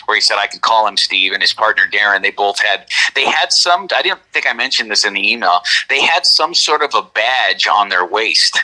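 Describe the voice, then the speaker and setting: A man's voice: fairly low pitch, animated, moderate pace, hardly any pauses, sharp tone, low-quality recording. A middle-aged man telling his own encounter story in casual talk, rambling, correcting himself and often asking "right?". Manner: rambling, self-correcting, frequent "right?" asides. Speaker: interview guest recounting an encounter.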